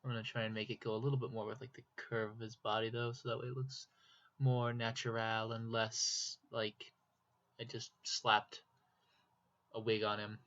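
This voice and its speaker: A man's voice: on the low side, level tone, moderate pace, fairly bright tone. A young man from Minnesota with a Minnesotan accent, rambling casually to himself while drawing, with self-deprecating asides. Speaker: YouTuber. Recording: dull lo-fi mic.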